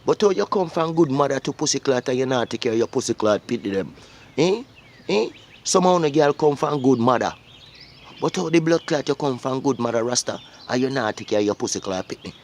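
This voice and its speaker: A man's voice: medium pitch, animated, fairly quick, a little mellow. A Jamaican man delivers a preachy monologue straight to his audience. He swears heavily and keeps throwing questions back at the listener. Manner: preachy, profane, repeats questions like "Eh?". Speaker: vlogger. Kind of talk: ranting monologue to viewers.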